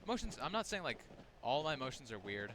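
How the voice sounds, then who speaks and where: A young man who hosts a gaming channel rambles casually over the horror game he's playing, restarting sentences and using lots of fillers. His medium-pitched voice is sing-song and fast, and there's background noise behind him.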